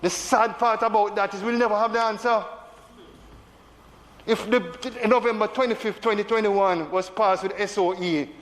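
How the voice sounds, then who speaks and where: A Jamaican-accented senator delivers an emotional speech in a large parliamentary chamber, repeating phrases for emphasis. His voice sits high and fairly bright, with a steady tone and moderate pace. The chamber is reverberant, with faint background noise.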